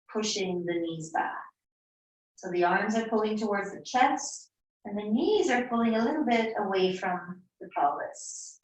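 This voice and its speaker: Slow, soothing woman yoga teacher. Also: medium pitch, slight background noise. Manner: slow, soothing, unhurried cues. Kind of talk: live yoga class instruction. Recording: echoey room, mic far off.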